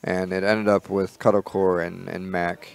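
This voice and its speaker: A man co-hosting a podcast in casual chat, relaxed and rambling, with many fillers and restarts. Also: sits low, normal speed, gravelly, clear, resonant tone. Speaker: podcast co-host.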